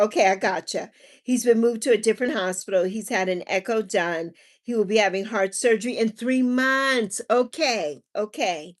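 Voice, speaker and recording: A middle-aged woman chats casually on her livestream, reading comments out loud and laughing often. Her voice sits a little higher than most women's. She talks loosely and lively. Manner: animated, laughs often, reads chat aloud. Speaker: livestream host reading chat.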